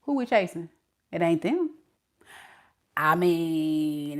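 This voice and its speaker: A woman's voice: low voice, very animated, takes it slowly, long pauses. A woman doing a tarot reading for her viewers, sassy and playful, talking straight to them with slang. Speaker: tarot reader.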